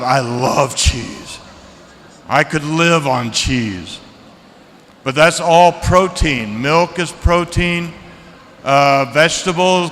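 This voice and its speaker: A man giving a seminar lecture to students, lively and chatty, asking the audience questions. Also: on the high side, long reverb tail, slight background noise. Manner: lively, asks the audience questions, acts out reactions. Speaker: seminar speaker. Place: lecture hall.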